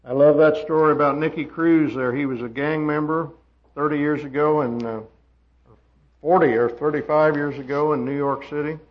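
High-voiced emphatic male preacher, lo-fi. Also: steady tone, normal speed. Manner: emphatic, rising to loud high peaks then dropping quiet. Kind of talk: sermon. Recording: dull lo-fi sermon recording.

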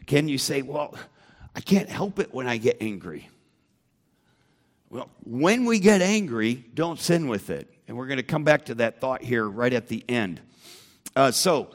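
A man teaching a Bible lesson to a church group, emphatic and asking the room questions. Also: on the high side.

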